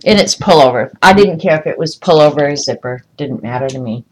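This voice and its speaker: A woman's voice: deep voice, animated, a little fast, poor audio. Chatty woman livestreaming from home. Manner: chatty, rambling, talks to viewers by name. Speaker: vlogger showing travel souvenirs. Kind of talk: casual livestream chat. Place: room at home.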